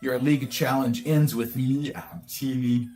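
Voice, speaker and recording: A man voicing a proud male dragon tamer from a video game, speaking slowly and grandly in an attempted Scottish accent that slips. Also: medium pitch, steady tone, darkish tone, natural voice. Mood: boastful. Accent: attempted Scottish, slipping. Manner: slow, grand boasting delivery.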